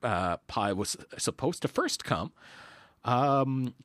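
A man from Canada co-hosting a podcast in casual banter, with wry, deadpan retorts. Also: medium pitch, slow pace, dry recording, studio quality. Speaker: podcast co-host.

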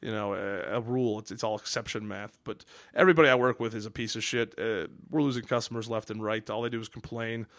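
A man co-hosts a casual podcast and rants quickly with plenty of swearing. He talks at a rapid clip, and his voice sits close and dry on the mic. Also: fairly low pitch, steady tone, fairly bright tone, no room sound. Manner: fast, profane, ranting. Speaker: podcast co-host.

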